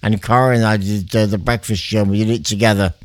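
A man's voice: on the low side, fairly even intonation, fast talker, no room sound. A middle-aged man, presenting on the radio in a rambling, amused, chatty way. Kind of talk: casual radio chat between songs. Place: radio studio.

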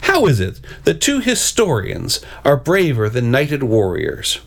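A man's voice: mid-range voice, huge pitch swings, a little slow, gravelly, exaggerated voice. A man doing a pompous, boastful male bird knight. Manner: pompous, declamatory. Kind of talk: storybook reading.

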